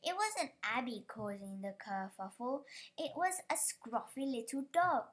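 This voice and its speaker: A woman's voice: on the high side, big pitch swings, a little slow. A woman reading a children's picture book aloud, careful and stumbling over some words. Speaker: storybook reader.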